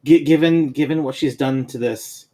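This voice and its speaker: A man's voice: a little high, normal speed, mellow. A man playing a tabletop game, talking in a hesitant, stop-start way. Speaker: player. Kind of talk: casual tabletop role-play.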